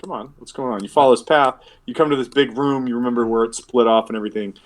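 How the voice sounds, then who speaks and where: A man's voice: mid-range voice, fairly even intonation, quick pace. A man running a tabletop game as game master, rambling with many fillers and restarts. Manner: rambling, filler-heavy, self-correcting.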